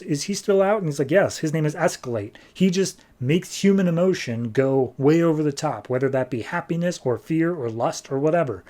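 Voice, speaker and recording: Guy on a comics podcast summarizing an issue, bit high-ish voice, chatty, tosses in quick character voices. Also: darkish tone. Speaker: comic book podcast host. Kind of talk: casual comic recap.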